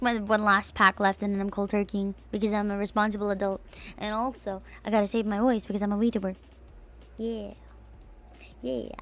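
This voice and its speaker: Streaming from home as a VTuber, a young woman reads out chat messages over a desk streaming mic. Her mid-range voice carries a slight tomboyish rasp, and she chats loosely, swearing and laughing as she goes.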